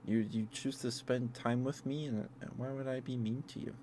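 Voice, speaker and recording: A man's voice: medium pitch, steady tone, normal speed, dark tone, slight background noise. A young man chatting as an ASMR streamer, rambling with frequent laughs and restarts. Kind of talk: soft-spoken ASMR live stream chat.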